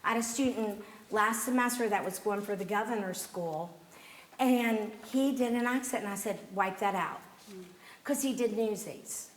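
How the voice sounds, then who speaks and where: A woman's voice: a little high, moderate pace. A woman drama teacher giving motherly advice to students in a workshop. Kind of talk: theatre workshop instruction. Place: echoey rehearsal room with a group. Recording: roomy echo, faint hiss.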